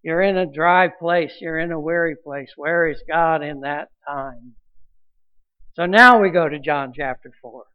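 A man's voice: fairly high pitch, unhurried, clean tone, phone-quality sound. A man preaching a sermon as pastor, earnest, with restarts and rising emphasis.

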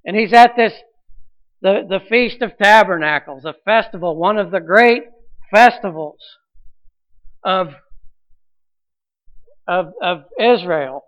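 A man's voice: high voice, takes it slowly, long pauses, muffled recording. A man preaching a sermon as pastor, earnest, with restarts and rising emphasis.

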